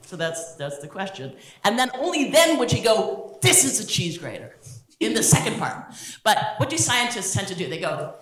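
A woman giving a humorous lecture on science communication as a guest speaker, animated and jokey, acting out quotes. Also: medium pitch, moderate pace. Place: lecture hall. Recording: roomy hall echo.

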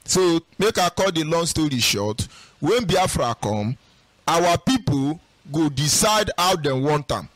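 A man with a Nigerian Pidgin accent talks as a host in a lively, sing-song way, acting out other people's voices along the way. His voice sits fairly high for a man and sounds very dry and close, with faint music running quietly behind him. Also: no room sound. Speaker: host answering listener questions. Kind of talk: casual spoken commentary.

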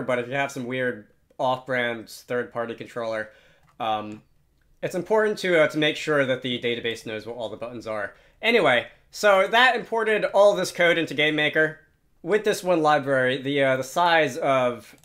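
A young adult man hosting a casual coding tutorial, chatty and joking, often pausing on filler words and restarting his sentences. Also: fairly high pitch, a bit bright. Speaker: programming tutorial host. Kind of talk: casual screen-share tutorial.

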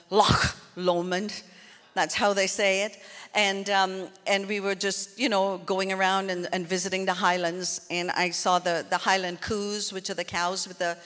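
With a fairly low, slightly bright voice, a woman pastor gives an earnest, conversational sermon, often addressing the congregation directly with asides. The church hall adds a long reverb.

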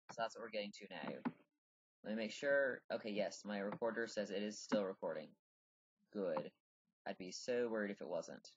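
A man with a deep voice giving casual, rambling commentary while playing a video game and chatting to the characters. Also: a bit bright, husky, no echo, highs cut off.

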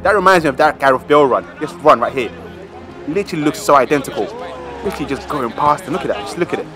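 A man giving lively, slangy amateur commentary on his club's football match. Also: fairly high pitch, fast, music in the background. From South London. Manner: casual slang, cheering and groaning over plays.

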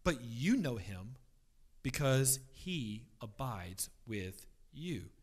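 A man teaching a church Bible class, emphatic, swinging between loud stress and quiet asides, often repeating words as he restarts. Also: mid-range voice, big pitch swings, drawn-out words, husky.

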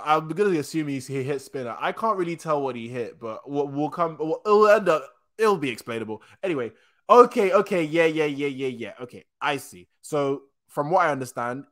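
A young man hosting a casual manga reaction, excitable and slangy, often stopping to correct himself. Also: mid-range voice, normal speed. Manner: excitable slangy chatter, frequent restarts.

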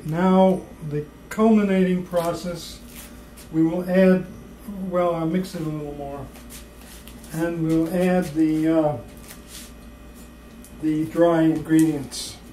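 A home cook talking through baking in a slow, whimsical, playfully mock-serious way in a kitchen. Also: mid-range voice, dark tone, reverberant, a little hiss or hum, low-quality recording. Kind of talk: playful cooking video banter.

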